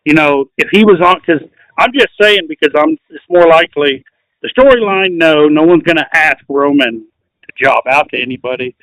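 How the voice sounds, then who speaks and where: A man hosting a podcast with a somewhat high voice, rambling through casual chat and crude jokes, full of fillers. The sound is dry and close, with no room echo. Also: fairly bright tone. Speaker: podcast host.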